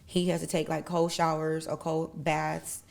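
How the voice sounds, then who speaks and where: A woman's voice: sits low, unhurried, creaky. A young adult woman, a podcast guest, candidly retelling personal events in casual conversation and acting out what people said. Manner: candid, animated retelling with acted-out quotes.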